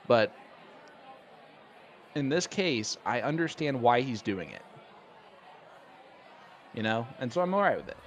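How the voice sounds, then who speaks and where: A man's voice: medium pitch, highs cut off, slight background noise. A man doing live darts commentary, chatty and enthusiastic, joking with his co-hosts.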